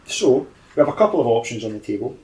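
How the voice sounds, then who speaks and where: A man's voice: medium pitch, expressive, fast talker, dark tone, reverberant. Man planning aloud in a tabletop game. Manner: thoughtful, plans aloud. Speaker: player. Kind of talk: tabletop game play and narration.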